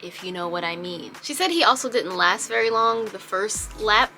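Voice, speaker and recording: A woman telling a storytime on her home vlog, chatty and animated. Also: mid-range voice, normal speed, faint music behind. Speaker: vlogger.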